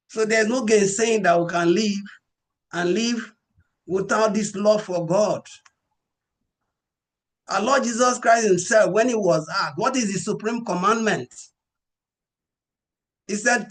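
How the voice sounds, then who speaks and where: A man preaching a scripture class, measured and emphatic, quoting verses. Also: sits high, fairly bright tone.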